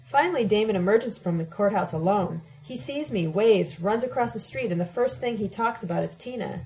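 A woman reading a first-person story aloud as an audiobook narrator, with an expressive, dramatic delivery. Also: mid-range voice, a little fast, hardly any pauses, faint music behind, poor audio.

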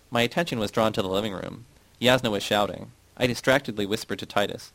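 A man reading a first-person audiobook narration in a measured, even way. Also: fairly low pitch, dry recording, poor audio.

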